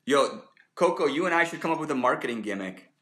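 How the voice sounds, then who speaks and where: A man's voice: a little high, animated, quick pace, sharp tone. A man in casual chat, laid-back and blunt.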